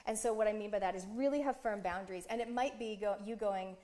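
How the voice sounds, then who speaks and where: A middle-aged woman from Canada, a guest giving business tips in a lively, enthusiastic, self-deprecating chat. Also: medium pitch, fast. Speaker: guest, speaker coach. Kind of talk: casual talk show chat.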